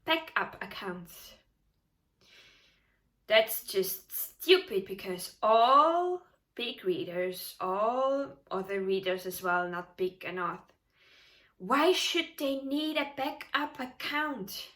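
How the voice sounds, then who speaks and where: A woman tarot reader giving casual vlog advice, animated and emphatic, often laughing. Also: medium pitch, slow pace.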